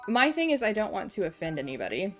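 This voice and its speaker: A woman's voice: medium pitch, very animated, quick pace, soft background music. A woman in her twenties from Kansas with an American accent, chatting casually on a live stream in a self-deprecating, giggly way. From Kansas, USA.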